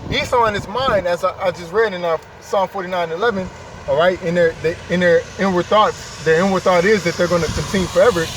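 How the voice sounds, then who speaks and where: A man's voice: sits high, fairly quick. A man preaching informally outdoors, emphatic and repetitive, often saying "man" and "okay". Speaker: street preacher. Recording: distant mic, loud traffic noise outdoors.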